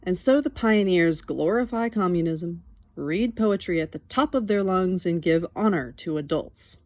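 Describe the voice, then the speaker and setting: A young adult woman reading a nonfiction book aloud in an expressive, wry way, breaking off now and then to comment on it. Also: on the low side, normal speed, dry recording. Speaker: audiobook reader.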